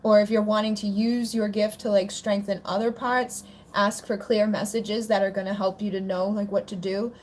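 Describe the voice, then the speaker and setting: A woman's voice: mid-range voice, level tone, normal speed, hardly any pauses, darkish tone, a little hiss or hum. A woman hosting a casual livestream Q&A on spiritual topics, chatty and rambling with plenty of "like" fillers. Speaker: spiritual channel host answering viewer questions.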